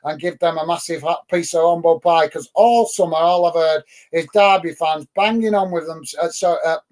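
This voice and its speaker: Middle-aged English man, higher-pitched, casual and fired-up football fan host, lots of fillers. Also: steady tone, moderate pace, darkish tone. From England. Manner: chatty, gets worked up and emphatic, many ums and uhs. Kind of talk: live watch-along chat reading viewer comments.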